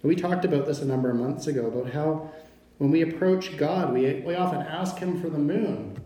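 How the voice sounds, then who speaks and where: Guy giving a sermon, slow and emphatic, warm dark voice, lots of room echo. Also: a little high. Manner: slow emphatic delivery, stresses pronouns. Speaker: pastor. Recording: very echoey room.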